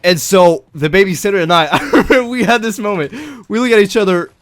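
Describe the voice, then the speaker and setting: A young adult man telling a personal story in a casual vlog, animated and swearing. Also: high-pitched, fast, dry recording. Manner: animated, swearing, breaks into laughter. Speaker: vlogger.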